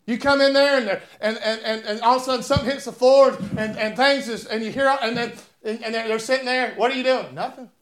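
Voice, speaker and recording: A man preaching a sermon in a church, swinging between conversational asides and fervent shouted appeals, often repeating words. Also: extremely high pitch, steady tone, brisk, few pauses. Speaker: pastor. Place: church sanctuary.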